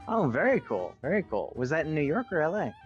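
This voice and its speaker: A man hosting a podcast interview, encouraging with quick affirmations. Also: a little high, very animated, highs cut off, soft background music. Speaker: podcast host. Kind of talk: casual interview chat.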